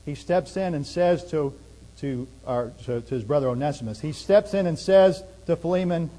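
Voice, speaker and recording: A man's voice: fairly high pitch, moderate pace, warm tone, big-room sound, low-quality recording. A man preaching a sermon, earnest, with emphasis that rises and falls. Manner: earnest, rising and falling emphasis.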